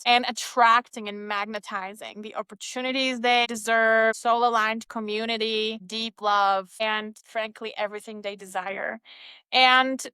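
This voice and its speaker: A woman hosts her own solo podcast in an emphatic, motivational tone, peppered with "like". Her voice is bright and crisp, a little higher than most. The sound is dry and close to the mic. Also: no echo. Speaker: podcast host and coach.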